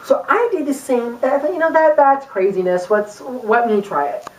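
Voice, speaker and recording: With a high voice, a darkish tone, and a normal speed, a young vlogger talks casually to camera about a book, joking and using lots of fillers. Someone films her in a room, and the distant, echoey recording carries a little hiss or hum.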